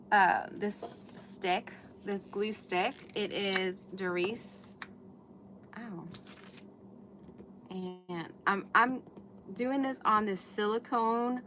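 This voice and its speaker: Indoors at a brightly lit craft table, a woman hosts a livestream, chatting with viewers while working with paper and glue. Her voice is mid-range, and the background is noisy.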